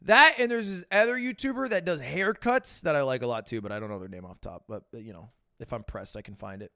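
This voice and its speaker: A man's voice: medium pitch, quick pace, pushed and bright, no echo, studio quality. A man streaming live, answering viewer questions in loose, profane chat full of stammered restarts.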